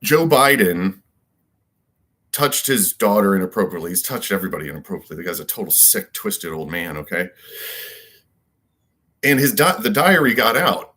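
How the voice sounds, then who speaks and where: Man, low-pitched, rambling monologue, emphatic, repeats himself, asks rhetorical questions. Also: sing-song, normal speed, long pauses, sharp tone, slightly rough. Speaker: political commentator.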